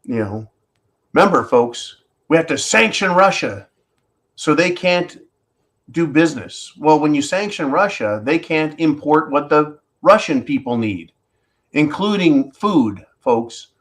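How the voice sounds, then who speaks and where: A man's voice: on the high side, expressive, measured pace, a bit bright. A man hosting a live stream, ranting through rhetorical questions and calling his viewers folks. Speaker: host of a live political commentary stream. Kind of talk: live-stream commentary monologue.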